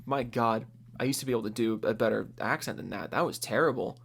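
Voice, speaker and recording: A man from Seattle reading out a long list of supporter names into a close desk microphone, excitable and profane, laughing at his own slips. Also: medium pitch, fast talker, creaky. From US, Seattle area. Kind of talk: rapid-fire casual list reading.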